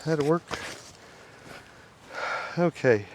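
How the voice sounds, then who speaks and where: A man with a sniffly chest cold talks slowly and a bit breathlessly as he explains his work outdoors. He chats along as though to himself, with faint outdoor noise and buzzing bees behind him. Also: on the high side, lively intonation, darkish tone. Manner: slow, chatty, talks to himself while working. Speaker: beekeeper. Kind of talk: outdoor how-to vlog. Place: outdoors by beehives.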